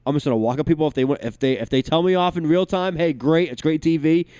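A man co-hosting a casual talk show, telling stories in a rambling, animated way with lots of restarts. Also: fairly high pitch, fast talker, clear, resonant tone, no room sound. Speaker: podcast co-host.

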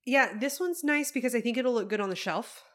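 A woman's voice: on the high side, expressive, a little fast, a bit bright. A woman co-hosting a casual chat while tasting whiskey, talking through facts with chatty asides. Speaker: podcast co-host.

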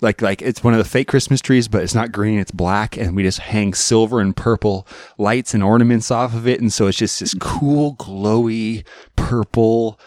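A man hosting a podcast, chatting casually and explaining at length, quick to laugh. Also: fairly low pitch, darkish tone, no room sound, studio quality. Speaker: podcast host. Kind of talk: casual conversation.

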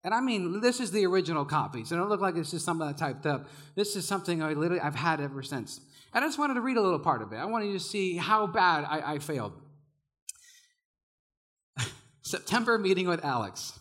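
Animated young male youth preacher. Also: on the high side, a little fast. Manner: animated, self-mocking, laughs often. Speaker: youth pastor. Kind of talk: sermon storytelling.

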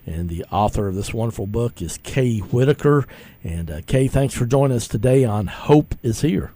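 A man hosting a faith-themed radio interview show, speaking in a relaxed, conversational way with frequent fillers. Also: medium pitch, normal speed, dry recording.

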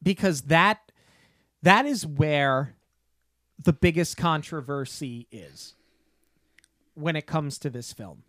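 A man co-hosting a podcast, building up a story slowly with playful disbelief. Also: a little high, fairly bright tone, no echo, studio quality. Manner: slow, deliberate build-ups with playful disbelief. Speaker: podcast co-host. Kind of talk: casual podcast chat. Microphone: podcast microphone.

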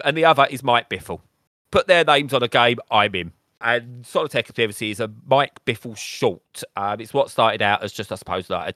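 A man's voice: medium pitch, sharp tone, dry recording. A man co-hosting a gaming podcast, chatting casually with dry, self-mocking humour. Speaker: podcast co-host.

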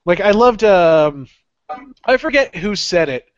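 A man co-hosting a casual wrestling chat, animated and full of "like" fillers. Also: high voice, a little slow, no room sound. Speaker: podcast co-host. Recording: dry, dull lo-fi audio.

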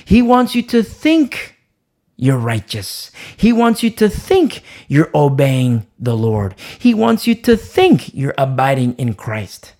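A man preaching a sermon, emphatic and repetitive, asking rhetorical questions and swinging from loud emphasis down to a hushed voice. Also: medium pitch, wildly swooping pitch, slow pace.

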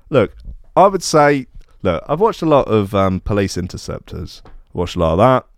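A young man giving sarcastic comic commentary with deadpan mock outrage and many fillers. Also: lowish voice, moderate pace, dry recording, clean studio sound. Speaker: comedy podcast host.

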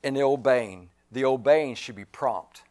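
A male pastor preaching a sermon, slow and emphatic, repeating key phrases and clearing his throat now and then. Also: mid-range voice, darkish tone.

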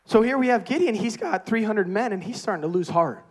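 A man preaching a sermon with energetic, emphatic repetition. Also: high-pitched, a little fast.

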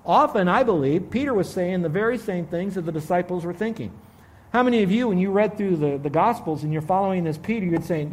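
High-voiced man preaching a sermon. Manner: animated preaching with big swings in loudness; acts out dialogue in slow, drawn-out voices. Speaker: pastor.

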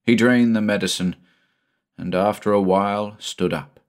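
A man narrating a horror short story in a measured, somber way. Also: lowish voice, steady tone. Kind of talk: audiobook narration.

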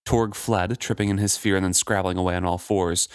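A man co-hosting a book podcast, reading passages aloud and chatting about them in a measured way. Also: low-pitched, steady tone, clean tone, no echo, studio quality.

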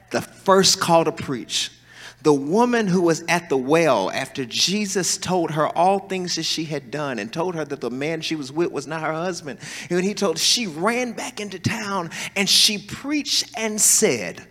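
A man's voice: a little high, measured pace. A man preaching a sermon in a church, telling stories and calling on the congregation to respond. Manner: animated, folksy storytelling with call-and-response. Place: large church hall. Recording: reverberant church hall.

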